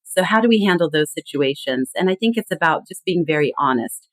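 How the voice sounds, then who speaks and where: A woman's voice: low-pitched, lively intonation, a little fast, no room sound. A woman guest in a podcast interview, explaining earnestly and acting out quoted phrases.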